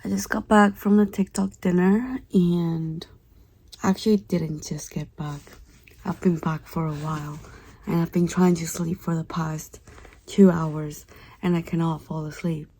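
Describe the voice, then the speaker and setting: A woman in her twenties talking casually to camera for a vlog, soft-spoken and slipping into whispers. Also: on the low side, a little hiss or hum. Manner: soft-spoken, drifts into whispers, tearful at times. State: tearful. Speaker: vlogger.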